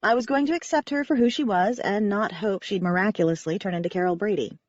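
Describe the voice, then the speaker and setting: A woman reading a first-person audiobook in a wry, expressive narration. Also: medium pitch, quick pace, no echo, lo-fi sound.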